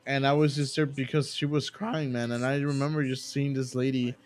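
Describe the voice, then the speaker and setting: A man's voice: mid-range voice, little pitch movement, brisk. Rambling man telling a story on stream. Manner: rambling, self-correcting with many "you know" and "like". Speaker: streamer hosting a live game stream. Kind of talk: casual storytelling chat.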